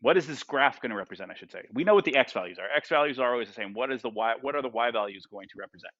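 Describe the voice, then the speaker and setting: A man's voice: medium pitch, animated, racing, a bit bright, dry recording, highs cut off. A male math teacher lecturing a class. He asks the students lots of questions and keeps checking in with "right?" and "okay?".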